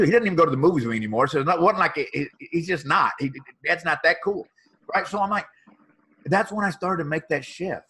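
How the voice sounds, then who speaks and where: This husky-voiced man in his fifties has a bright, forceful edge to his speech. He tells stories with energy, laughs often and stumbles over repeated words as he goes. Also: a little high, fast, poor audio. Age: 50s. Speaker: podcast guest. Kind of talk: animated storytelling.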